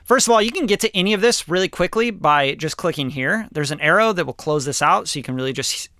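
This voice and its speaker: Male producer, upbeat tutorial host, high voice, dry close sound, jokey slang delivery. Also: animated, fast, bright, forceful tone, dry recording. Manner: enthusiastic, joking, slangy. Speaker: music producer demonstrating a plugin. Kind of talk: casual screen-recorded tutorial.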